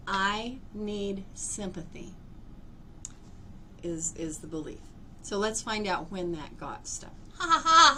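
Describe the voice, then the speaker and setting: Theatrical, bright-voiced woman healer. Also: mid-range voice, slight background noise. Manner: theatrical and expressive; laughs often. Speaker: energy healer. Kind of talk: live workshop demonstration.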